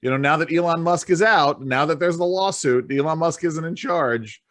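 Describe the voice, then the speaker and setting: A man's voice: a little high, normal speed, fairly bright tone, no echo. A male co-host of a casual political talk show, rambling with restarts and frequent laughs. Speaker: podcast co-host.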